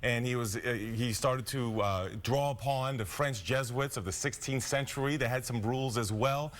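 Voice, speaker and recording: A man who is a guest historian on a live morning TV show, playful and laughing often as he slowly reads out old rules. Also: mid-range voice. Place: TV studio.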